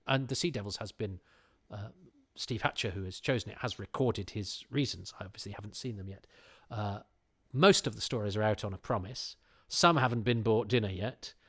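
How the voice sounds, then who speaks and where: A middle-aged man hosting a podcast, chatting casually in a rambling way with many restarts. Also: medium pitch. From England. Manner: rambling, self-interrupting, with frequent fillers and restarts. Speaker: podcast host.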